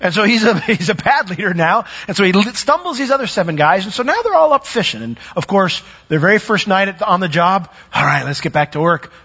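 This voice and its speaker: Animated preacher man in an echoing hall. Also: high-pitched, a little fast, hardly any pauses, husky. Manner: animated, acts out quoted voices. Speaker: pastor. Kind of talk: sermon. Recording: echoey hall, dull lo-fi sound.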